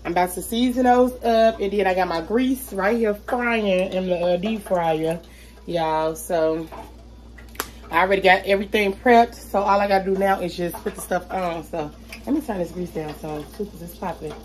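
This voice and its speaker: A woman's voice: medium pitch, normal speed. A woman chatting casually to her viewers while she cooks dinner in her home kitchen, calling them y'all again and again. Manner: chatty, talks straight to viewers with lots of y'all. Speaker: vlogger. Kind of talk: casual cooking vlog.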